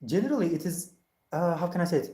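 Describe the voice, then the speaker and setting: An IELTS speaking teacher running a mock exam chat, animated and laughing often, mimicking casual slang voices. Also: mid-range voice, fast talker, reverberant.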